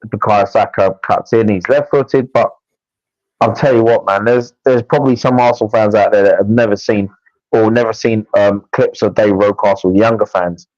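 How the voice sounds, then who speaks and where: A man's voice: fairly low pitch, fairly even intonation, normal speed, darkish tone, no echo, highs cut off. A man co-hosting a casual football fan preview, talking animatedly with frequent restarts. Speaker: football podcast co-host.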